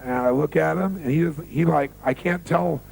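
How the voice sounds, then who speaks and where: A man's voice: on the high side, moderate pace, creaky, darkish tone, slightly rough, poor audio. A man giving a motivational seminar talk on stage, telling stories, repeating key phrases for emphasis and quizzing the audience. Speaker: motivational speaker.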